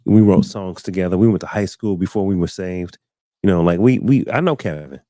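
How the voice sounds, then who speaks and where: Speaking a little fast, a man in his thirties hosts a live talk stream and casually shares a personal story, his voice leaping high whenever he acts out a quote. He's an animated storyteller, recorded dry and clean through a studio mic.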